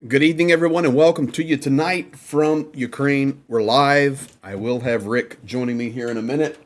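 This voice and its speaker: A man's voice: medium pitch, fairly even intonation, moderate pace, faint music behind. A man hosting a casual livestream from Ukraine, reading out viewer names and greeting them one by one. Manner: upbeat, reads out viewer names and shout-outs. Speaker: livestream host. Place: indoors in Ukraine.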